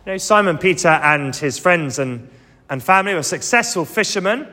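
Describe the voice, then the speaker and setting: Bright-voiced preacher in a reverberant hall. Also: male voice, sits high, lively intonation, moderate pace. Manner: earnest, emphatic, repeats key phrases. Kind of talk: sermon.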